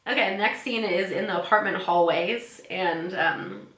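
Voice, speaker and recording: Podcast co-host, female, casual and giggly, bright tone, echoey room. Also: lowish voice, normal speed. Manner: chatty, giggly, many "um"s, acts out quoted lines. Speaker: podcast co-host recapping episodes. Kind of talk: casual chat.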